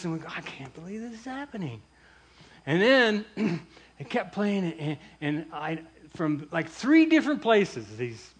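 A middle-aged man with a high, bright voice tells a personal story with real animation. He slips into the voices of the people he describes and laughs often as he talks. His tone stays clear and ringing. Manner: acts out quoted voices, laughs through the story. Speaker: churchgoer telling a testimony.

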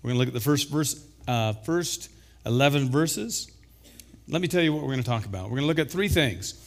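A man preaching a sermon as pastor, slightly hoarse from illness, building to emphatic exclamations. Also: mid-range voice, animated, fairly quick. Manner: emphatic, rising to loud exclamations.

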